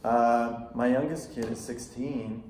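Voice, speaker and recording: A middle-aged man, a psychotherapist, giving a casual workshop talk to parents, telling animated anecdotes and acting out quoted lines. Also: mid-range voice, slow. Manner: anecdotal, animated storytelling with acted-out quotes and laughter. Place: school room with audience. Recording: echoey room recording.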